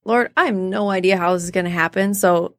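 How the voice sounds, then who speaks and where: A woman's voice: lowish voice, brisk, no room sound, clean studio sound. A woman in her thirties, a theater artist, telling stories as an interview guest and acting out the voices she quotes. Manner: animated, acts out quoted voices. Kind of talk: casual interview storytelling.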